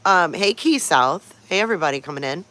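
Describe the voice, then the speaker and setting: A livestream host in easy morning chat, with a voice of middling pitch. The talk rambles from story to story and stops often to greet viewers by name. Every now and then the host breaks off to coo at pet dogs. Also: expressive, a little fast, sharp tone. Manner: chatty, greets viewers by name between stories.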